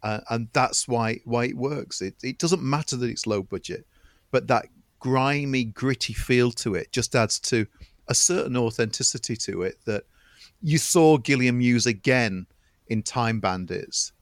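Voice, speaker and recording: A man with a medium-pitched voice speaks a little slowly in a studio-quality recording with no room sound. As a film podcast co-host, he chats enthusiastically about movies, often restarting and repeating words as he builds a point.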